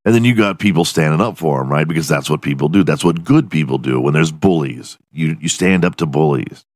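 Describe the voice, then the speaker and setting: Deep-voiced man on a profane rant. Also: a little fast, no room sound, clean studio sound. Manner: profane, ranting, self-mocking. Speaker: podcast host. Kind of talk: solo comedic rant. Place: alone in his room.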